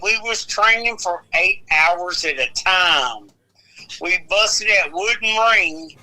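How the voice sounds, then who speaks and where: A man in his forties, rambling through old wrestling stories with plenty of swearing and laughter. His voice sits high and very bright. The delivery is loose and conversational. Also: a little slow, low-quality recording. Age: 40s. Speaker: wrestling podcast co-host. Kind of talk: casual storytelling chat.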